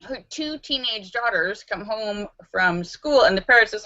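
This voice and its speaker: A giggly, animated woman hosts a casual live stream and reads out jokes sent in by viewers. Her voice is bright and lively, and she talks slowly. The sound is dull and lo-fi. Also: mid-range voice. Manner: giggly and animated, breaks into laughter.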